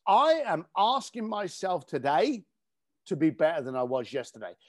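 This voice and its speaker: A man telling a story on a podcast. His voice is high and swings widely in pitch, and he swears casually. He is recorded close and dry. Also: dry recording. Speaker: podcast guest. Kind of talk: animated storytelling.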